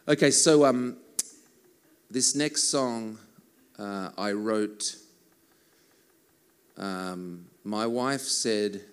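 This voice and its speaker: A man's voice: on the low side, takes it slowly, long pauses, clean tone. A man, a worship musician chatting between songs at a church service in a joking, self-mocking way. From Australia. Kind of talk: casual stage banter between songs.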